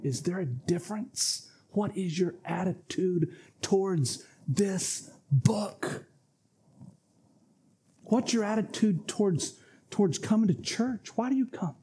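A man's voice: high-pitched, animated, measured pace, dark tone, slight background noise. A man preaching a sermon, emphatic and repetitive, often addressing the congregation as folks. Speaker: pastor.

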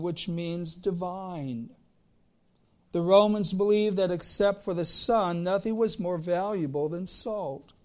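A man preaching a sermon to his congregation, with deliberate phrasing that swells into emphatic lines. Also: high-pitched, darkish tone. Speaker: pastor.

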